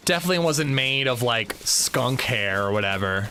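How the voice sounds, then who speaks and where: A man's voice: medium pitch, steady tone, normal speed, few pauses, sharp tone, a little hiss or hum. A young man streaming a video game, chatting casually and profanely with his viewers while he plays. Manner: chatty, loose and profane, reads and answers chat. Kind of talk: casual livestream chat while gaming.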